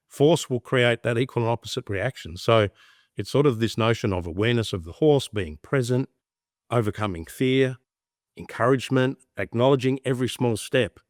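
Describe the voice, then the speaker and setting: A middle-aged Australian man talks reflectively as a podcast guest, animatedly acting out little voices in his anecdotes. His medium-pitched voice is brisk, with clean studio sound and no room sound.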